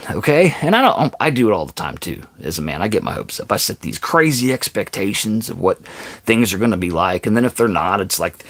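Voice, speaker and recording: A man's voice: on the low side, no room sound. A man vlogging a funny story in a casual way, often stopping to ask the audience "okay?" and adding self-mocking asides. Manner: animated, keeps addressing the audience with "okay?" and "people"; self-deprecating, exaggerated asides.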